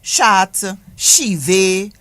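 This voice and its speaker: A woman teaches pronunciation on a radio program. She speaks slowly and patiently and repeats each example word. Her voice sits at a middling pitch. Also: lively intonation, fairly bright tone. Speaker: guest language teacher. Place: radio studio.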